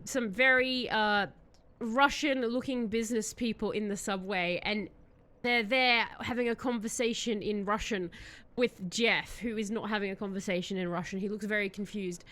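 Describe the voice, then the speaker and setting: A woman's voice: on the high side, pushed and bright. A woman streamer chatting casually and telling a rambling story, giggling often.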